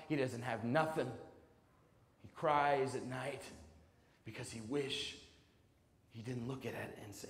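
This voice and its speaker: A man in his twenties addresses students at a school assembly, his voice sitting a little high for a man. He swings between loud, punchy lines and hushed, intimate ones. The big hall gives every word a long, ringing reverb. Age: 20s. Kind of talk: motivational speech to students.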